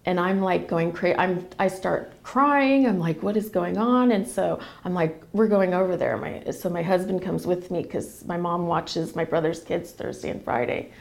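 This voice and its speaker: A woman's voice: on the low side, moderate pace, creaky, few pauses. A woman telling a personal family story in a casual, emotional, rambling way with many restarts. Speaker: guest sharing a family story.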